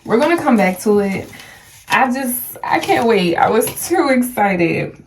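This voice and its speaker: A young woman vlogging a perfume unboxing, gushing and excited, stumbling over brand names. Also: on the high side, a little slow, slight background noise. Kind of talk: casual unboxing vlog. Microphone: phone.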